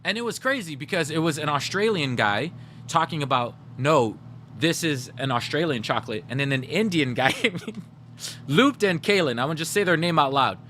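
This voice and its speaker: A man's voice: a little high, animated, fairly quick, bright, forceful tone, slight background noise. A man streaming live, chatting casually with his viewers and telling stories straight to chat. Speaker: gaming livestreamer.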